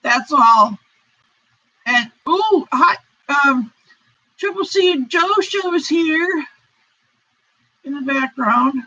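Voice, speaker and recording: An American woman hosts a casual crochet live stream, her voice high, animated, pushed and bright. She speaks slowly with long pauses, rambling apologetically and reading out chat comments over dull lo-fi stream audio.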